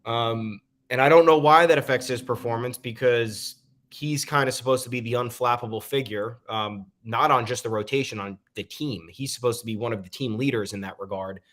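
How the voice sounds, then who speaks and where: An opinionated man co-hosting a casual sports podcast, talking in a mid-pitched voice. He rambles through his points with frequent "um" fillers. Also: a little fast, fairly bright tone. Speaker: podcast co-host.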